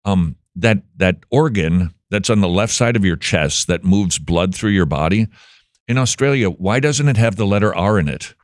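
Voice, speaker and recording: A man hosting a radio talk show, his voice sitting a little low as he jokes and ribs his guest. The sound is close and dry, with no room around it. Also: expressive, dry recording. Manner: joking, teasing, quick back-and-forth. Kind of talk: casual interview chat.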